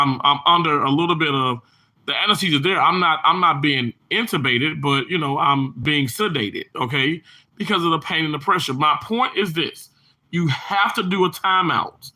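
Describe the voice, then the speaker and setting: A man with a voice on the high side, bright and forceful, speaks at normal speed while hosting a casual livestream. He reads the chat, greeting viewers by name, and talks in long, chatty, rambling stretches full of restarts and fillers.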